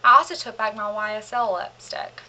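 A woman's voice: mid-range voice, normal speed, pushed and bright. A young woman chatting through a makeup haul, gushing and rambling with lots of fillers, a little out of breath as she hurries. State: slightly out of breath, hurrying. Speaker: beauty vlogger. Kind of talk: casual chatty product haul.

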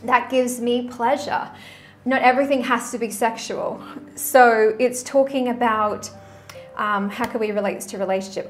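A woman coach talking casually to camera in a vlog, with a voice pitched a little higher than most. She speaks frankly and chattily and drops in mild swear words. Faint background ambience sits under her voice. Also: fairly even intonation, moderate pace, a little hiss or hum. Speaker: relationship and manifestation coach.

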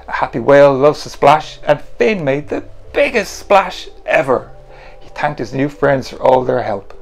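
Slow, animated man reading a storybook. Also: mid-range voice, vocal fry, soft background music. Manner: animated and playful, adds sound effects. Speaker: author reading his picture book.

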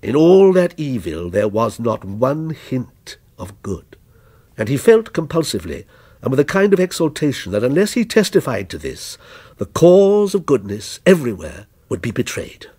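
A man reading a short story aloud in a measured, expressive way. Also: medium pitch, husky. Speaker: story reader.

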